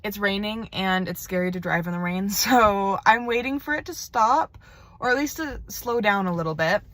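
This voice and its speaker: Teenage girl, casual video message, rambling and chatty, mid-pitched voice, dry close sound, parked car. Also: normal speed, a bit bright, no echo. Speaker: video pen pal.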